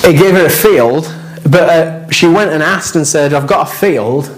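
A man's voice: a little high, normal speed, slight background noise. A man preaching a sermon as pastor, in a conversational, anecdotal way with quoted asides.

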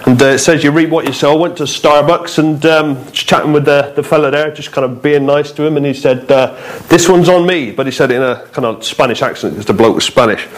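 A man's voice: medium pitch, steady tone, quick pace, few pauses. A man, a guest preacher giving an informal sermon with chatty jokes and frequent fillers in a church hall.

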